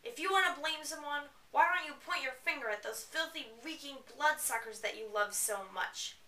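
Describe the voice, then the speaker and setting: Bitter teen boy, read by a woman, harsh and clipped, bright tone, distant roomy sound. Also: high-pitched, normal speed, a little hiss or hum, voice pushed up. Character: bitter, angry teenage boy. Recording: roomy, away from the mic.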